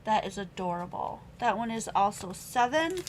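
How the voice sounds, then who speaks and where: Hosting a live-streamed craft supply sale at home, a young adult woman chats and reads off stamp sentiments and prices. She sounds animated, with a medium pitch at normal speed, on a rough recording with slight background noise.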